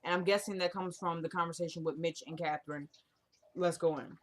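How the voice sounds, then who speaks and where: A woman's voice: fairly low pitch, brisk. Chatty young woman recapping a TV episode. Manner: chatty, animated, acts out the scenes she recaps. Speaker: TV episode reviewer. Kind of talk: casual chat recap.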